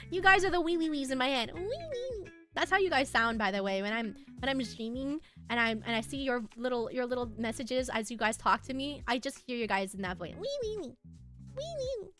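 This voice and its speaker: A woman's voice: fairly high pitch, fairly bright tone. A young woman streaming, chatting casually and giggling as she reads and answers her chat. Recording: faint music behind.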